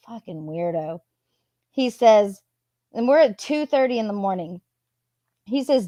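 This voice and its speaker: Slow chatty woman with a dry close sound. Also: mid-range voice, dark tone, dry recording. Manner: chatty, reads messages aloud with asides. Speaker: true crime commentator. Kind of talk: casual reading and commentary.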